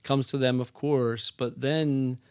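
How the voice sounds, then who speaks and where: A man guesting on a podcast talks about his real estate career in a casual, animated way. He acts out quoted lines from people in his stories. His voice is smooth and resonant, and it is recorded dry and close with no room sound. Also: mid-range voice, slow pace, no echo. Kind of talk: casual interview chat. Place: podcast studio.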